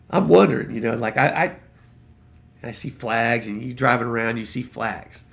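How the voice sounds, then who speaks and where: Angry guy ranting at his followers, super gravelly voice, swears a lot, folksy. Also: medium pitch, moderate pace. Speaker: political vlogger. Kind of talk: casual rant to camera.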